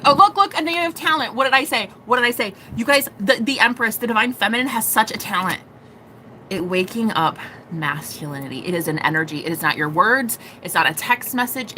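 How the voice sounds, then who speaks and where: Bright animated woman reading tarot. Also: mid-range voice, slight background noise. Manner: animated, profane, acts out quoted voices. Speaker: tarot reader. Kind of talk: live-stream tarot reading.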